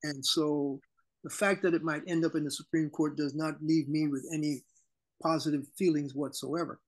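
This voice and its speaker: A man co-hosting a political talk show, speaking in an animated, indignant way over a remote call link. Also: on the high side, moderate pace. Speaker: co-host.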